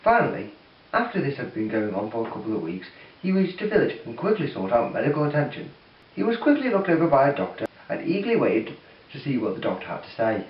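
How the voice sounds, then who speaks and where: A man's voice: medium pitch, very animated, fairly quick, recorded from a distance. A man reading a story aloud in a plain, uneven pace as amateur narrator. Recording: dull echoey recording from off-mic.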